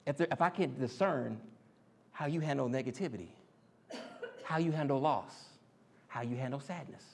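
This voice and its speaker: A man giving an animated sermon, acting out quoted voices and joking with the listeners. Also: mid-range voice, normal speed, vocal fry, slight background noise. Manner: animated, acts out quoted voices and jokes with the crowd. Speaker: speaker in a church teaching series.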